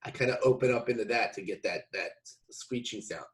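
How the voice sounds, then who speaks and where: A man's voice: mid-range voice, brisk. A man giving a casual video lesson, explaining with loose restarts between demonstrations. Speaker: didgeridoo teacher.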